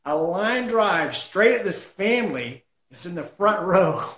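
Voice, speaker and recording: A man telling a story about his juggling days in a lively, self-deprecating way. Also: high voice, unhurried, reverberant, poor audio. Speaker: juggler and comedy performer. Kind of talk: casual storytelling chat.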